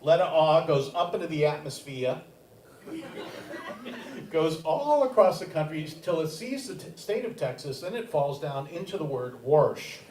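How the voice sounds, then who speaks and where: An older man hosts a comedy showcase, teasing the crowd in a wry, self-deprecating way. His voice sits a bit high for a man. It comes from a distance in a roomy theater, with audience noise clearly behind him. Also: sing-song, moderate pace. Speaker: stand-up comedy teacher and emcee. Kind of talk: stand-up comedy set.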